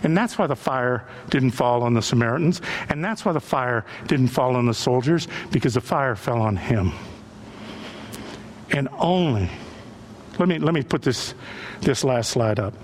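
A man's voice: medium pitch, expressive, moderate pace, a little hiss or hum. A male pastor preaching a sermon to a church that is also streamed online, acting out the voices of the people he quotes.

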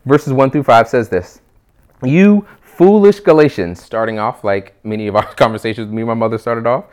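A male pastor preaching an earnest sermon, reading scripture aloud and getting louder at key questions. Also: medium pitch. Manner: earnest, rises in volume when reading scripture.

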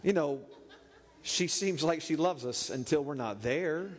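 A man's voice: fairly high pitch, unhurried. Playful preacher man, echoey hall. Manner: animated, playful storyteller. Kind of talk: humorous sermon storytelling.

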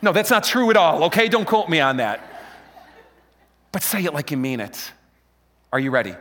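Playful preacher guy hyping up the church crowd, high bright voice, big hall reverb. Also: sing-song, moderate pace, a little hiss or hum. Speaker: pastor. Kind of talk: lively Palm Sunday sermon. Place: church hall with a live congregation. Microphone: handheld mic.

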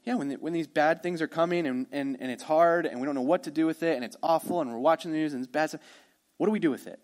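Conversational preaching man, fairly high. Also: fast talker. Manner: conversational preaching, swings from emphatic to hushed. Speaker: pastor. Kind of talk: sermon.

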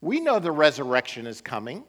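Guy preaching a sermon, kinda high voice, swings his pitch around a lot. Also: a little fast. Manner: animated, rising and falling emphasis with occasional laughs. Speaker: pastor.

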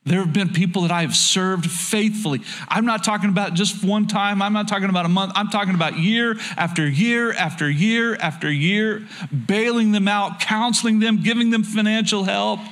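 A middle-aged man preaching from the pulpit with a noticeably high voice. He pleads earnestly, sinking soft and low, then lifts into urgent exhortation as he presses his point. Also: moderate pace, few pauses. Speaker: pastor. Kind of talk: sermon.

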